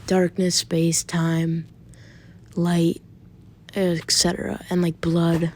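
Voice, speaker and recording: A woman's voice: lowish voice, monotone, slow, darkish tone. A woman voicing a cocky, overpowered young male pirate captain, boasting in an offhand, casual way.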